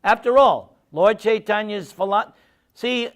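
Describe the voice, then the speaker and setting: A high-pitched man with a measured pace tells an audience humorous stories in an animated way, then answers their questions during a casual talk.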